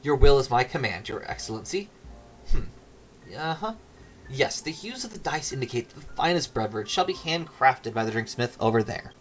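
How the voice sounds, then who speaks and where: A man doing a fawning flatterer servant. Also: medium pitch, normal speed, soft background music, lightly acted. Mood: obsequious. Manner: gushing, ornate flattery.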